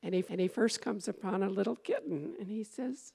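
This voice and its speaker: A woman's voice: mid-range voice, expressive, a little fast, gravelly, darkish tone, breathy edge. A woman minister giving a conversational sermon, meandering, with fillers and restarts as she goes.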